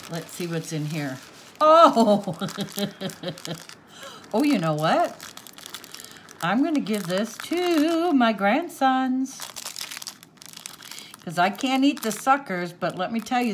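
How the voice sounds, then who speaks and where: A woman's voice: mid-range voice, very animated, slow pace, pauses often, a little hiss or hum. An older woman hosting a crafts vlog, gushing and exclaiming as she opens gifts on camera. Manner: gushing, exclaiming, easily moved. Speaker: crafts channel host. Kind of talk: casual unboxing vlog.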